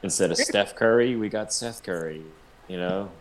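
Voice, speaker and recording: A man hosting a casual sports podcast, rambling and halting as he talks. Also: lowish voice. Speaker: podcast host.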